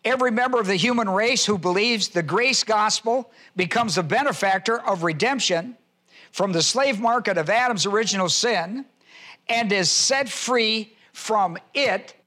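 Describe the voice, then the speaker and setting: In a teaching sermon, a male preacher lists scripture references and spells out words for his audience. His high voice has a bright, forceful edge, and he slows down to repeat key phrases for emphasis.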